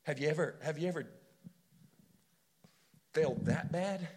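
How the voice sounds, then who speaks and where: A man's voice: fairly high pitch, unhurried, a little mellow. A man preaching a sermon with impassioned storytelling and rhetorical questions.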